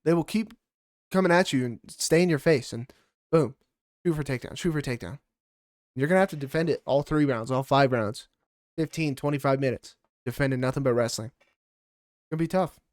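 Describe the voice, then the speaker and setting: A man's voice: mid-range voice, fairly quick, pauses often, dry recording, clean studio sound. A man co-hosting a casual fight-picks podcast, giving blunt, heated, profane opinions. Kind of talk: casual sports chat.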